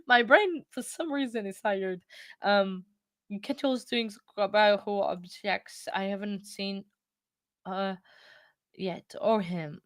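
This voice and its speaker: The host of a relaxed livestream talks slowly in a mid-range, slightly bright voice, recorded dry at studio quality. She's chatty and drowsy, yawning as she wanders from thought to thought and keeps cutting herself off to start again.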